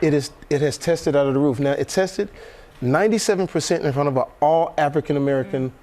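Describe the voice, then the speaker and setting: A man from Texas, an actor guest on a morning TV show, telling animated stories with frequent laughs and restarts. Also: a little high, fast talker. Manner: animated storyteller, laughs often, many restarts. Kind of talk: casual chat on a morning TV show.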